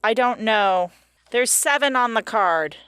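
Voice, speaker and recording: A woman's voice: a little high, expressive, measured pace, a bit bright, clean tone, dry recording, clean studio sound. A woman co-hosting a casual podcast, chatting upbeat over a webcam call and running a game. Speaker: podcast co-host.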